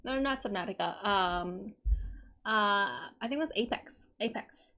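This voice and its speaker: A woman co-hosting a podcast tells stories in casual chat, rambling and correcting herself. Her mid-range voice is unhurried, pushed and bright.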